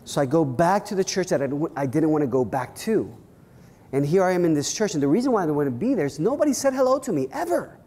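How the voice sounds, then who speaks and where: A male pastor telling church stories in an animated, restart-filled way. His voice sits a little high but sounds mellow and soft-edged. The room rings with a long hall reverb. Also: quick pace. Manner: animated storytelling with many restarts. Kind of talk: workshop talk with personal stories. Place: church hall at a leadership weekend.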